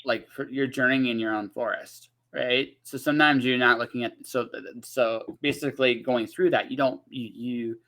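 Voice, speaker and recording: A man's voice: medium pitch, steady tone, normal speed, hardly any pauses, sharp tone. A man hosting a casual interview podcast, talking in loose rambling runs with many restarts and "right?" tags. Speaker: podcast host.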